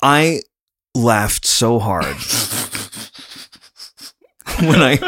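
A man's voice: mid-range voice, expressive, extremely slow, long pauses, fairly bright tone. A man co-hosting a casual podcast, talking in a chatty, rambling way and laughing often. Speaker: podcast co-host.

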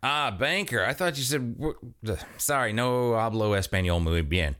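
A man voicing a brash, foul-mouthed young party host in a high, shouty, exasperated voice. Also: lively intonation, moderate pace, natural voice.

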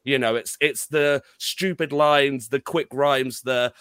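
Guy ranting on a podcast, sharp bright voice, lots of restarts and swearing. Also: medium pitch, steady tone, slow, clear, resonant tone, dry recording. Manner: rambling, exasperated, swears often, many restarts. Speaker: podcast co-host. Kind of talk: casual film review chat.

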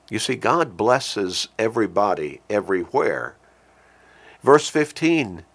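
A man preaching a sermon who speaks earnestly, repeats key phrases for emphasis, and slows down with a lifted voice when he quotes scripture. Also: lowish voice, lively intonation, a bit bright. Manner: slows and lifts his voice when quoting scripture.

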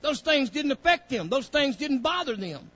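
A man's voice: very high-pitched, very animated, moderate pace, a bit bright, dry recording, dull audio. A man leading a Bible study lesson for young students, folksy and preacherly, often saying "praise God". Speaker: Bible teacher.

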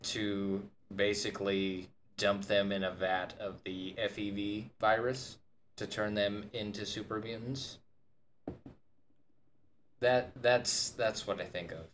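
Rambling, low-voiced male podcast co-host. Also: fairly even intonation, slow pace, slight background noise. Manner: rambling, loose, peppered with "like". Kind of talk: casual podcast chat.

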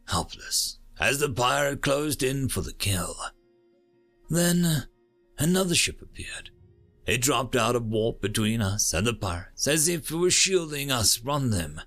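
Gravelly male storyteller, lively delivery. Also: medium pitch. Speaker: narrator. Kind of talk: dramatic first-person story narration. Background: faint music.

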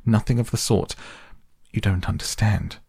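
A man voicing a grumpy, blunt male mole in a storybook reading, grumbling briskly. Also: lowish voice, steady tone, gravelly, a little mellow, husky, dry recording, studio quality, pitched above the performer's own voice.

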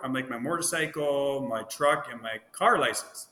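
A man's voice: medium pitch, expressive, normal speed, sharp tone. A man from Ontario, a guest, telling anecdotes in casual chat and acting out the dialogue he quotes. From Ontario, Canada. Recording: roomy echo with long reverb, faint noise.

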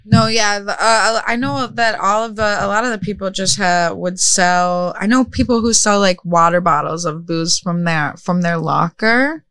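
Smooth-voiced woman in a dry, close recording. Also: medium pitch, normal speed, few pauses, a bit bright, dry recording. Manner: loose, rambling, frank. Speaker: podcast host. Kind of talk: casual podcast chat.

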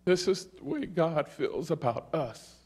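A middle-aged man preaching a sermon, slow and emphatic, often checking in with "all right?". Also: a little high, lively intonation, darkish tone, breathy edge. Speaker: pastor.

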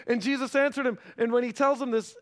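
Guy pastor mid-sermon, higher voice, goes from punchy to real quiet and slow. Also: steady tone. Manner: conversational preaching, keeps checking in with "right?"; swings between raised emphasis and hushed, slowed delivery.

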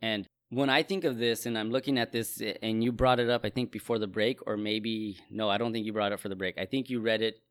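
A man's voice: lowish voice, fairly even intonation, brisk, few pauses, clean tone, dry recording, studio quality. A man musing through a casual Bible discussion, thoughtful and prone to restarting his sentences. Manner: reflective, frequent restarts.

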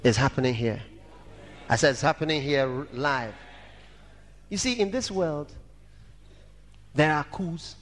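A man preaching a sermon dramatically, shouting at times and breaking into song. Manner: dramatic, shouting and singing, wide swings in pitch. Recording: echoey hall reverb.

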